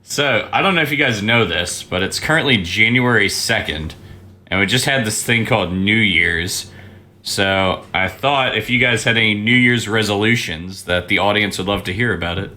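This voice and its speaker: A man's voice: fairly low pitch, normal speed, pushed and bright. A young man co-hosting a casual podcast, joking and laughing through his lines. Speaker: podcast co-host. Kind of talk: casual chat.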